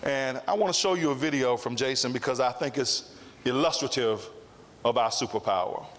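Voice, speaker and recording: A man's voice: medium pitch, normal speed, a bit bright, slight background noise. A man telling a story in a public speech at a summit, with emphatic repetition. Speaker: summit speaker. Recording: long hall reverb.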